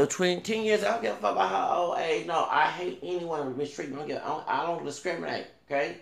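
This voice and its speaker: A man, a vlogger telling a rambling, animated story in casual talk and swearing now and then. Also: on the high side, fast talker, gravelly, hardly any pauses, reverberant.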